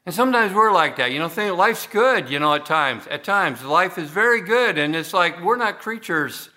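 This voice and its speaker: A man's voice: high-pitched, animated, normal speed, pushed and bright. A man preaching a sermon as pastor of a church, talking conversationally with frequent restarts and fillers.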